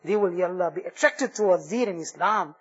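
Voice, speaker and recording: A man's voice: high-pitched, fairly quick, husky, highs cut off, soft background music. A man leading a fervent devotional supplication, pleading and repeating invocations in long heartfelt runs.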